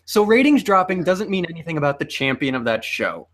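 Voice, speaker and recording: A man's voice: on the high side, sing-song, a little fast, a bit bright. A man co-hosting a casual chat, pushing back on points and asking pointed questions. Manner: argumentative, asks pointed questions. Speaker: podcast co-host.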